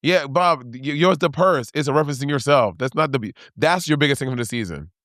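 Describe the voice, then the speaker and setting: A man in a casual podcast chat who acts out scenes, laughing and jumping into squeaky voices. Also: lively intonation, brisk, a bit bright, no echo, clean studio sound. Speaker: podcast co-host.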